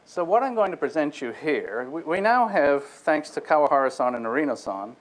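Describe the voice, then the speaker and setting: A man's voice: fairly high pitch, sing-song, moderate pace, rough recording. A man giving a technical lecture to an audience. He explains step by step, speaks directly to his listeners and often restarts his phrases. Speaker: guest lecturer.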